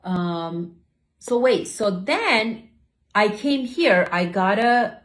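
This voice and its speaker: A woman's voice: mid-range voice, expressive, drawn-out words. A middle-aged woman from Turkey, hosting a solo podcast and telling her story in a chatty, rambling way full of tangents and self-corrections. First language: Turkish. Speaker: host, beauty academy owner.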